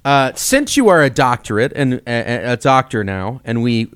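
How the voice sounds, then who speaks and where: A man's voice: mid-range voice, big pitch swings, a bit bright, clean tone, no echo. A man co-hosting a casual chat, bantering and poking fun at himself. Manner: quick banter, self-deprecating. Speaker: podcast co-host, campus minister.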